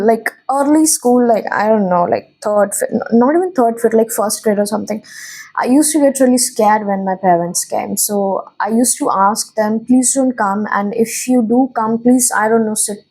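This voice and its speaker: An earnest young woman from India, a tarot reader, speaking to her viewers in a slightly high, husky voice. She rambles and corrects herself, confiding and emotional, as if opening up to friends. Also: dark tone, low-quality recording. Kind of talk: spiritual channel talk to viewers.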